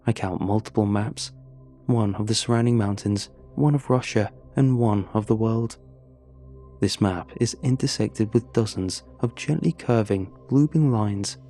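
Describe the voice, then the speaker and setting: Low, mellow man narrating horror. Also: soft background music. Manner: measured, first-person storytelling. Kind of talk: scripted horror story narration.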